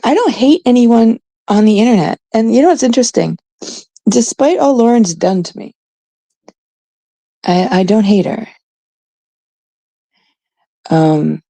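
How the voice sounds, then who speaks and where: Slow, gravelly woman streamer from Canada. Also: mid-range voice, expressive, dark tone, no echo. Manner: aggrieved, emphatic, repeats herself. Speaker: livestreamer. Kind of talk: casual livestream chat.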